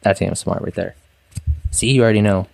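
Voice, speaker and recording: A man's voice: lowish voice, steady tone, quick pace, gravelly, darkish tone, no echo. A young man co-hosting a casual podcast, teasing his friend and laughing a lot, close to a studio mic with a pop screen. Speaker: podcast co-host. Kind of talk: casual chat.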